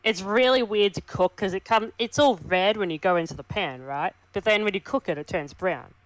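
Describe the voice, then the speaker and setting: A woman chatting casually on a livestream, easygoing and soft-spoken. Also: medium pitch, moderate pace, dry recording, poor audio. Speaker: co-host on a livestream. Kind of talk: casual chat.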